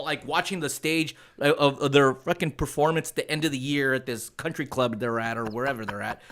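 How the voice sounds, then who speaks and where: A man's voice: on the high side, fairly quick, few pauses, bright, forceful tone. A man co-hosting a podcast in casual chat, ranting with profane, mocking humor. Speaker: podcast co-host.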